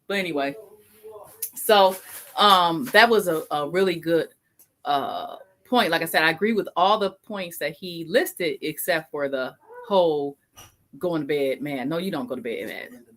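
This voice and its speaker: A woman's voice: deep voice, unhurried, fairly bright tone. A woman co-hosting a casual couple's podcast, thinking aloud with many restarts and easy laughter. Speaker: podcast co-host.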